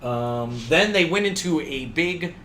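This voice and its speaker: A man's voice: a little high, expressive, unhurried, fairly bright tone, a little hiss or hum. Man, podcast co-host, hoge heldere stem, grappig en praatgraag, licht geruis. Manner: joking, chatty, laughs often. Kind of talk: casual wrestling review chat.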